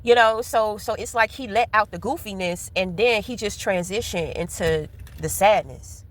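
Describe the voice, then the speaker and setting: Driving along with car sounds in the background, a female vlogger speaks at a moderate pace in a mid-range voice. She casually rambles through a candid story full of foul language.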